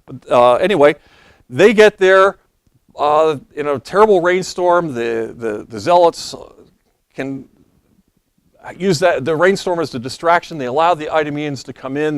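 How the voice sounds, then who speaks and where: A man preaching a sermon, retelling history in a loose storytelling way and reading passages aloud, hoarse as he is losing his voice. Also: a little high, expressive, normal speed, no echo. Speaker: pastor.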